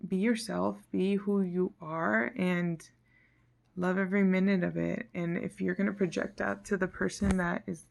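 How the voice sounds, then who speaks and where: A woman with a lowish, gravelly voice vents in a casual vlog. She talks frankly and rambles, sounding tired and fed up, and now and then her voice sinks almost to a whisper. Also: fairly even intonation, moderate pace. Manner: frank, frustrated, rambling, drops to near-whisper at times. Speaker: vlogger.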